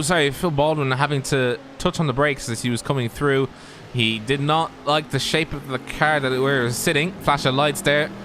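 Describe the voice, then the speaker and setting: Chatty male co-commentator, noisy mic. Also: mid-range voice. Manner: chatty, laughs, loose and joking. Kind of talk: sim racing live commentary.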